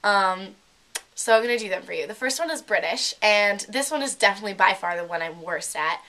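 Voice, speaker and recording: A woman's voice: mid-range voice, lively intonation, a little fast, sharp tone. A girl in her late teens chatting casually to her laptop camera as a beauty vlogger, giggly and full of likes and ums. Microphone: laptop webcam.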